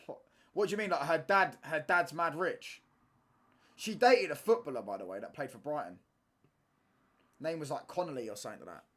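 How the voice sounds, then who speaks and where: A young man, talking casually over a live football match as a streamer. His voice is bright and forward, and his speech is loose and slangy, with "mate" and "bro" tagged onto most lines. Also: on the high side, lively intonation, fairly quick, long pauses. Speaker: watchalong streamer. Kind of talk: casual football watchalong chat.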